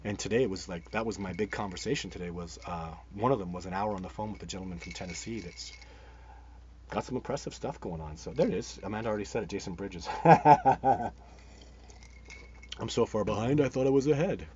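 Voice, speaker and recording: A Canadian man with a low voice and a fast delivery hosts a live Bigfoot show, reading viewer comments and chatting back. He's enthusiastic and rambling, restarting often, over dull audio with faint background noise.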